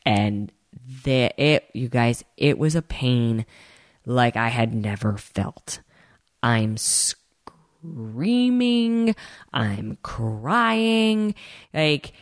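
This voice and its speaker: A woman telling her own story in a casual, animated way, acting out the people she quotes and speaking straight to her listeners. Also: extremely low pitch, no echo, studio quality. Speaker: host telling a personal story.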